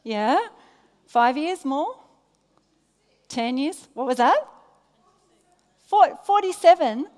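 A woman with an Australian accent preaching at a church service, questioning the congregation and dropping soft and low when she prays. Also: lively intonation, slow pace, long pauses. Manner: engaging, asks the audience questions; drops soft and low in prayer. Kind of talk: sermon with congregation banter. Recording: long reverb in a large hall.

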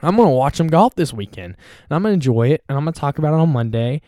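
A man's voice: fairly high pitch, lively intonation, fast, dark tone, dry recording, clean studio sound. A young man hosting a casual solo podcast, rambling and self-deprecating as he chats. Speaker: podcast host.

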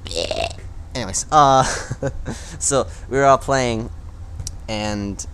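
A man hosting a solo podcast, rambling casually with lots of fillers and quick laughing asides. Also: mid-range voice, fairly bright tone, a little hiss or hum. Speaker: podcast host.

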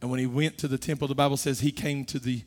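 A middle-aged man preaching a sermon, his voice swelling from soft to loud as he makes his point. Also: mid-range voice, level tone, fast talker. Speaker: pastor.

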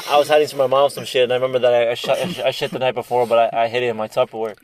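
A man's voice: mid-range voice, level tone, rapid-fire. A young man chatting crudely with friends, rambling and swearing, often repeating himself and laughing mid-story. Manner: rambling, swears a lot, repeats words, laughs while telling stories. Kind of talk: crude casual chat among friends.

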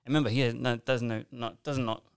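A man's voice: medium pitch, steady tone, fast, vocal fry, smooth, no echo. A man telling a personal story in casual conversation, rambling and earnest with lots of asides and restarts.

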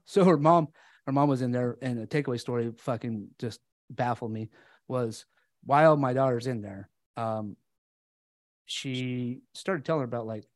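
A man on a podcast telling a painful personal story candidly, halting with fillers and restarts, sometimes swearing. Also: medium pitch, darkish tone, no echo. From United States.

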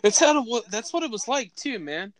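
A man's voice: very high voice, big pitch swings, a little fast. A man co-hosting a podcast, telling stories in crude, profane casual chat, laughing often and acting out what other people said. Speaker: podcast co-host.

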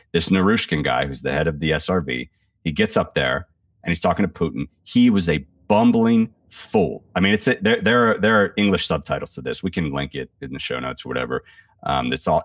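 A man with an extremely low voice delivers casual, profane political commentary on a podcast. He rambles, restarts his sentences often and talks bluntly. He sits back from the mic in a dry, dead-sounding room. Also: no room sound, distant mic.

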